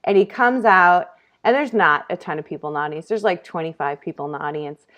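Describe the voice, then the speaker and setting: A woman hosting a casual comedy talk show, telling stories with lively energy and acting out quotes. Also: fairly low pitch, fast talker. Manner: animated storytelling, acts out quotes loudly.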